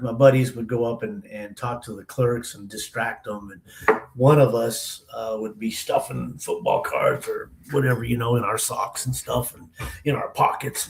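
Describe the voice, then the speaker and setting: Man, gravelly voice, loose slangy storytelling, interview guest, roomy echo. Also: mid-range voice. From Denver area, USA. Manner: loose, slangy, often says "man" and "you know".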